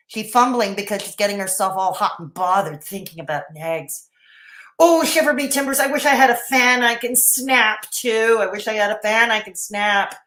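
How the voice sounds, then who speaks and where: A woman's voice: medium pitch, fairly bright tone. Woman reaction streamer, sarcastic, laughing asides, roomy echo. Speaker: commentary streamer reacting to a video. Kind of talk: casual reaction commentary reading chat.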